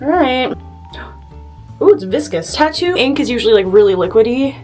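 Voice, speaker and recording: A woman's voice: a little high, lively intonation, normal speed, darkish tone, faint music behind. A woman vlogging casually at home to a phone camera, chatty and nervous, swearing freely. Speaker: beauty vlogger.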